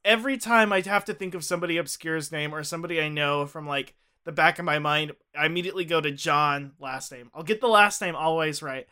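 A man's voice: on the high side, brisk, few pauses, sharp tone, clean tone. A man co-hosting a casual comedic podcast chat, rambling and laughing often. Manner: giggly, rambling, ironic. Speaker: podcast co-host.

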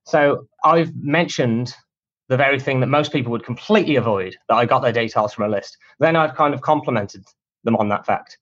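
A man's voice: medium pitch, fairly quick, a bit bright. Chatty man on a dull lo-fi line. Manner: chatty, self-deprecating, cheeky humor. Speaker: guest, cold email marketer. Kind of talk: casual conversational interview answers.

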